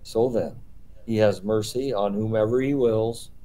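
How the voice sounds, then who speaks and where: A man teaches a small study group, his voice low and mellow. He explains patiently, reading passages aloud and asking rhetorical questions to guide the group. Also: unhurried, poor audio. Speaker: Bible study leader.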